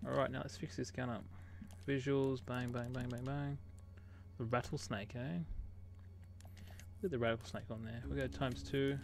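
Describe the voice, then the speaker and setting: A man's voice: mid-range voice, little pitch movement, normal speed, long pauses. An Australian man livestreaming a shooter game, chatting casually with viewers and calling them mate. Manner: chatty, greets chat viewers by name, says "mate" a lot. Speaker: gaming livestreamer. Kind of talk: casual live commentary while playing. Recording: game gunfire clearly heard behind. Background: game gunfire and explosions.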